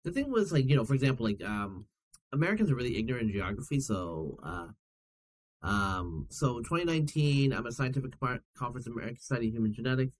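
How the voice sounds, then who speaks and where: Casting: male podcast guest, animated storyteller, pitch swings widely. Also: fast talker. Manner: animated storyteller, laughs often, acts out quoted voices. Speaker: guest geneticist and writer. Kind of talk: casual podcast conversation.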